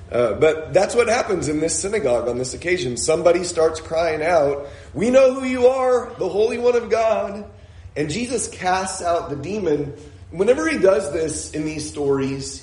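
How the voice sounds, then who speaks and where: A man's voice: fairly high pitch, darkish tone. Echoey conversational male preacher. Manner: conversational, with frequent "uh" and self-corrections. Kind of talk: sermon with Scripture reading. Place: church meeting room.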